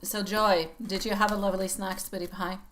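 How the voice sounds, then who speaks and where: A woman's voice: mid-range voice, little pitch movement, brisk, heavy background noise. A middle-aged woman giving a live-stream tarot reading, chatty and affectionate, laughing often as she greets viewers. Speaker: tarot reader.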